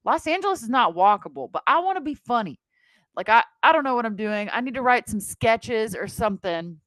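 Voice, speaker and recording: Woman in her 30s on a podcast, joking around, animated, super dry close sound. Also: fairly high pitch, dry recording. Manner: animated, joking, quick to tease. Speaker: podcast co-host. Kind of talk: casual chat.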